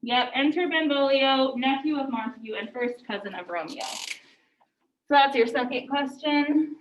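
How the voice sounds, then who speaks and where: A woman's voice: sits high, moderate pace, slight background noise. A woman teacher explaining a text to her class in a casual lecture, often saying "like". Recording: echoey room, distant mic, muffled.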